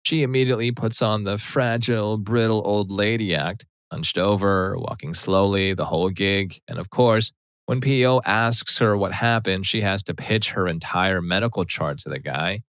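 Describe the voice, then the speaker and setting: A man narrating a Reddit story aloud in a plain, steady telling. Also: fairly low pitch, moderate pace, clear, resonant tone, no room sound.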